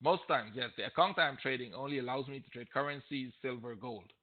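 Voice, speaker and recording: A man's voice: mid-range voice, fairly quick. A man teaching trading on a live question-and-answer stream, blunt and emphatic, repeating his points and getting heated. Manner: blunt, emphatic, repeats himself, gets heated and loud at times. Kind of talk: live Q&A webinar. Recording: tinny phone-like audio.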